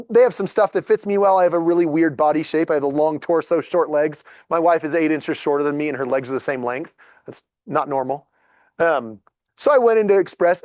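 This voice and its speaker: A man in his thirties tells stories to a group in a relaxed, animated way, often acting out what others said. His voice sits a little high for a man. The sound is dry and close, with no room echo. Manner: animated, chatty, acts out dialogue. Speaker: real estate agent. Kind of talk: casual storytelling talk to a group.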